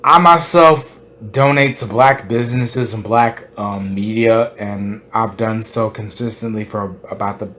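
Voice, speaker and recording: A podcast host delivering an impassioned monologue, stressing points by repeating them and firing off rhetorical questions. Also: male voice, fairly low pitch, a little slow, fairly bright tone.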